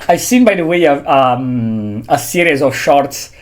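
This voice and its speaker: Rambling male streamer with a lively voice. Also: mid-range voice, a little slow, slight background noise. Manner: rambling, frequent restarts and nervous self-deprecating asides. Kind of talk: casual game-stream commentary.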